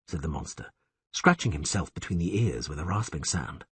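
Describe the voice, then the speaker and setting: A man narrating an audiobook in a measured storytelling manner. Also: deep voice, sing-song, fairly bright tone, husky, no echo. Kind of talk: scripted narration.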